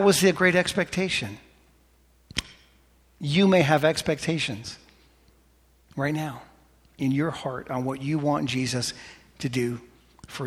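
Preacher guy talking real slow, voice on the high side, swings from animated to soft and prayerful, big echoey church. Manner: asks the congregation questions. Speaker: pastor. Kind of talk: sermon.

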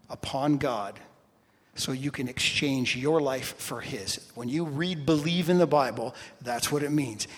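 Preacher, male, slightly high voice, dynamic delivery dropping to near-whispers, big church reverb. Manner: expressive, swings from loud emphasis to hushed tones. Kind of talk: sermon. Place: church with a balcony and congregation. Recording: long hall reverb.

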